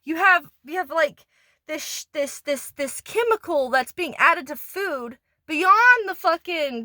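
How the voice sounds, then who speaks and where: High, bright-voiced woman ranting angrily. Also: no room sound, studio quality. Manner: angry, profane, rambling with restarts; pissed off, disgusted. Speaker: ASMR creator. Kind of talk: ranting ASMR monologue.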